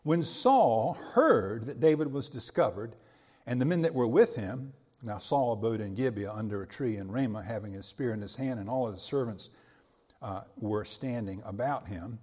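A man's voice: mid-range voice, expressive, normal speed, darkish tone, slightly rough, in a large hall. A man teaching a verse-by-verse Bible sermon in a conversational way, with quips and rhetorical questions. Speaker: preacher.

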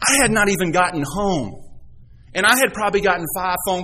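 A man's voice: high-pitched, expressive, brisk, pushed and bright, poor audio. A male pastor giving a conversational sermon, reading scripture and acting out quoted voices in a playful way.

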